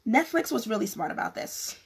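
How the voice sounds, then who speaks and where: Woman vlogger, gravelly and husky, fading voice, blunt and rambling, casual advice to camera. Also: fairly high pitch, big pitch swings, fairly quick. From California. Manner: frank, rambling with many restarts. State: losing her voice. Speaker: vlogger giving business advice.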